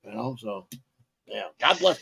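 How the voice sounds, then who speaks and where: A man's voice: fairly low pitch, sing-song, unhurried, vocal fry, bright, forceful tone, breathy edge. A man co-hosting a podcast, telling rambling stories with lots of repeats and swearing. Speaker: podcast co-host. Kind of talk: rambling casual storytelling.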